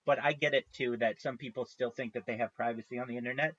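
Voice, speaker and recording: A man's voice: mid-range voice, steady tone, fast talker, fairly bright tone. Rambling man on a lo-fi stream. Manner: rambling, restarts, swears freely. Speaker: live streamer. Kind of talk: casual live-stream chat.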